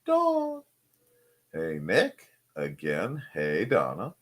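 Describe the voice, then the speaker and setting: A man hosts a casual live stream from his computer desk at home, rambling, joking and greeting people in the chat. His voice is bright, fairly high and very lively in pitch. He speaks into a desk mic. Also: normal speed. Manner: rambling, jokey, greets chatters.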